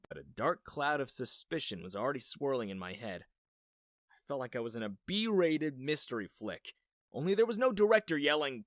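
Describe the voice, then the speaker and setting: A young man tells his own story with a wry, dramatic flair, dropping sarcastic asides along the way. His pitch swings a lot from line to line. The voice-over is close and completely dry. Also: big pitch swings, moderate pace, a bit bright, no echo. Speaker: narrator. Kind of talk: scripted first-person storytelling.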